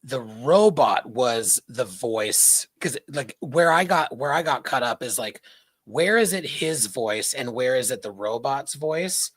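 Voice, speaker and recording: A man with a mid-range voice talks easily on a podcast, tossing in quick asides as he goes. His voice is close and dry, with no room sound. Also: mid-range voice, animated, dry recording. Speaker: podcast co-host. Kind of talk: casual chat.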